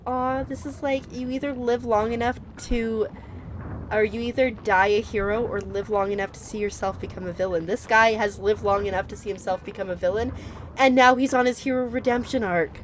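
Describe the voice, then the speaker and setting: A woman's voice: fairly high pitch, fairly even intonation, fairly quick, slight background noise. A woman chatting casually and giggling while streaming a video game. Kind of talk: casual live-stream gameplay chat.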